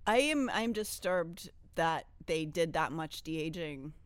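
A woman's voice: sits low, lively intonation, slow, smooth, no echo. A woman co-hosting a gossip podcast, making wry asides in casual chat. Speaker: podcast co-host.

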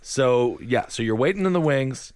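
A man with a mid-range voice hosts a relaxed conversation, adding details and asking follow-up questions. The sound is close and dry. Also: mid-range voice, moderate pace, clean tone, no room sound. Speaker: podcast host. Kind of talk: casual interview.

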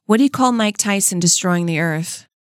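A woman's voice: on the low side, moderate pace, dry recording. A woman co-hosting a casual comedy podcast, teasing her co-host and telling crude jokes.

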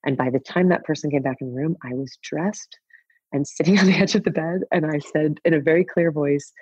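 A woman's voice: sits low, fairly quick, a little mellow, breathy edge, dry recording, dull audio. A woman in her fifties telling a personal story as a podcast guest, frank and wry, laughing at herself. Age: 50s. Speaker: guest author.

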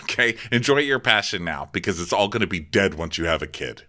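Man, podcast co-host, very bright voice, sardonic, jokey recap. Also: low voice, lively intonation, a little fast, slight background noise. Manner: sardonic, jokey, acts out scenes. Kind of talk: comedic show recap.

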